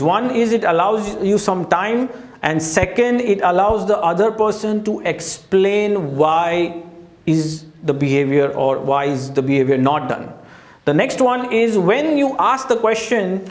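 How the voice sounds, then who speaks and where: High-voiced man coaching in an echoey room. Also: a little mellow. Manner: earnest and direct, with frequent "you know". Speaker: life coach. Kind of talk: talk at a teaching board.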